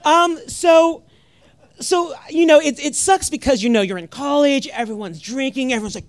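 A woman's voice: high-pitched, normal speed. A young woman from Northern California performing a profane stand-up comedy set and acting out voices. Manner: animated, profane, acts out voices.

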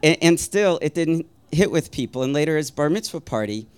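A man telling a personal story in a wry, self-deprecating way, rambling a little with ums and uhs and soft chuckles. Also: a little high, animated, brisk, clear, resonant tone.

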